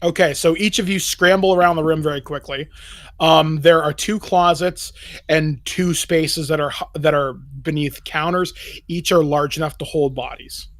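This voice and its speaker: A man narrates a tabletop game as game master, brisk and descriptive. His voice sits a little high. It is dry and close to the mic. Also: fairly even intonation, no echo.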